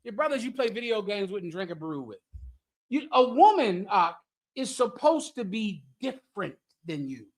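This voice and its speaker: A high male voice with big pitch swings, delivered at normal speed. The man teaches a scripture class through provocative preaching to a live chat, brash and joking, asking rhetorical questions and laughing at his own jokes a lot.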